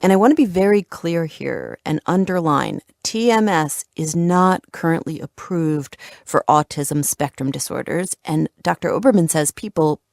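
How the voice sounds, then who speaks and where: A woman reporter narrating a podcast in a measured, explanatory way. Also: deep voice, lively intonation, creaky, a little mellow, dry recording, clean studio sound. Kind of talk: scripted narration.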